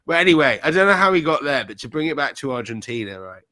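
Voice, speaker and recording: A man co-hosting a podcast, talking in a blunt, sweary, animated rant. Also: a little high, quick pace, no room sound. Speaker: podcast co-host. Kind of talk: ranty casual chat.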